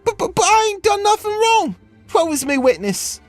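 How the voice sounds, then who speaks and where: A man voicing a frightened young refugee woman in a put-on Cockney accent, pleading in a high voice. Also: big pitch swings, moderate pace, faint music behind.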